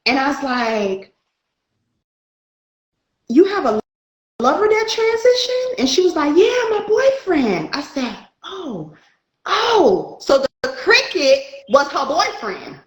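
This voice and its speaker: A woman's voice: high-pitched, slow, long pauses, reverberant, poor audio. A woman, a spiritual light worker, telling a story in casual chat and acting out the dialogue. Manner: animated, acts out dialogue in her story.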